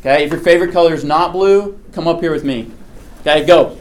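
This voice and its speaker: A man's voice: on the high side, fast. A man leading an interactive Bible lesson for a live group, in a conversational way that keeps checking in with "okay?". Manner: speaks to a live group in the room. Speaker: Bible teacher.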